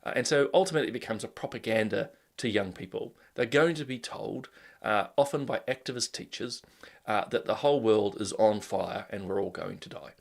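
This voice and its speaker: A man's voice: fairly low pitch, fairly quick, gravelly. A man with a New Zealand accent hosting a live show, greeting viewers by name and giving opinions in a loose, conversational way with lots of "uh" and "look". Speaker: host. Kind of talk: casual live-stream commentary.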